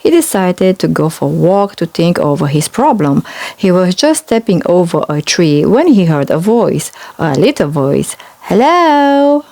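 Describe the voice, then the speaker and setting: A woman reading a children's picture book aloud, slow and expressive. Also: lowish voice, creaky. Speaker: storybook reader. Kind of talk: children's read-aloud storytelling.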